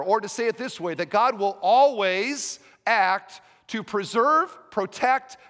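A man preaching a sermon as pastor, emphatic, with rhetorical questions and sudden drops to a quiet voice. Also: sits high, big-room sound.

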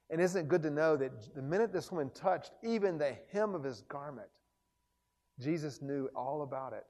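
A man preaching a sermon in a chapel, building to loud, fervent exclamations. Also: a little high, in a large hall. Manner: impassioned, rising to loud exclamations.

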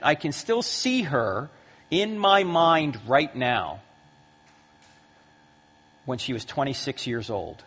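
A man in his fifties giving a lively talk to a live audience in a large hall, acting out the voices in his stories. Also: mid-range voice, slow pace, long pauses, slightly rough. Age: 50s. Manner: lively storyteller who acts out quoted voices. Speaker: Christian apologetics speaker. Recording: long hall reverb.

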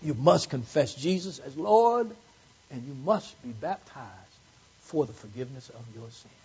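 A preacher delivers a Sunday morning sermon at church, using call-and-response and repeated phrases that rise to fervent peaks. He speaks at normal speed in a mellow, medium-pitched voice with lively intonation and a breathy edge. The highs in the recording are cut off.

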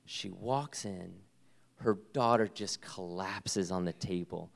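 Earnest low-voiced man telling a story. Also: creaky, long reverb tail. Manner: earnest, halting, drops to hushed whispers. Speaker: guest speaker, ministry worker. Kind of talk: emotional storytelling in conversation.

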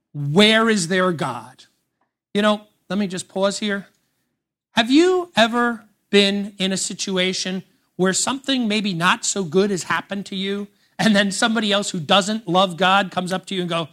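A man's voice: sits high, expressive, fairly bright tone. Emphatic man preaching a sermon. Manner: emphatic, slows down to read scripture aloud; conversational asides to the congregation. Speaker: pastor. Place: church service.

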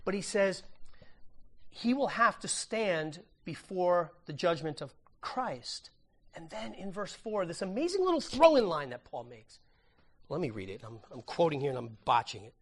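A man preaching with a fairly high voice. He reads scripture aloud and moves between loud, emphatic lines and quiet, hushed asides. His talk is conversational, with repeated words and self-corrections. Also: animated, moderate pace. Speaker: pastor. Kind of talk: sermon.

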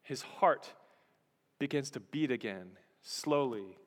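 A male pastor preaching a sermon with dramatic storytelling, dropping low and quiet, then swelling loud. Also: expressive, slow pace. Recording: long reverb of a large hall.

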